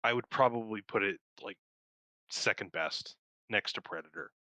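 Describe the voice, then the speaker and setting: Young male co-host, low pitch and bright, forceful tone, rambling and profane, laughs often. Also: moderate pace, dry recording. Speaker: podcast co-host. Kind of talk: casual film review chat.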